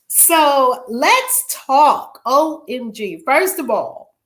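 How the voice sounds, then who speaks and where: A woman author chatting casually on a livestream, full of excitement as she greets viewers one by one. Her voice sits slightly high and leaps up and down constantly. She often bursts out with loud, cheerful calls. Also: slow. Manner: exuberant, shouts greetings to viewers by name.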